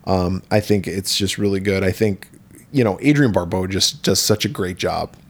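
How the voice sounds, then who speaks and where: In a laid-back film discussion, a podcast co-host with a low-pitched voice recounts a horror film's plot at a moderate pace. He swears liberally and voices the quotes as he retells the story.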